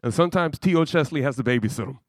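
A man's voice: medium pitch, lively intonation, racing, dry recording. A man preaching a sermon with passion and breaking into humorous asides.

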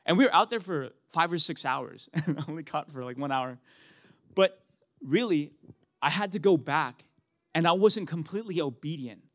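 A man's voice: fairly high pitch, moderate pace, fairly bright tone. A young man giving a casual, conversational sermon, often laughing and restarting his sentences. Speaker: preacher.

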